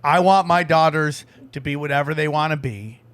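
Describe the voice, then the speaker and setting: A man's voice: fairly high pitch, moderate pace, smooth. A man hosting a podcast in casual comedic chat, telling rambling, profane stories. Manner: animated storytelling with put-on voices. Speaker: podcast host.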